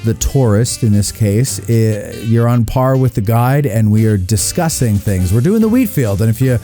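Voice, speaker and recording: A male host talks in loose, joking chat, his voice mellow and warm. He leans on fillers as he goes. A faint guitar plays behind him. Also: mid-range voice, lively intonation, normal speed. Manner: joking, chatty, many fillers. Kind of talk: casual live show chat.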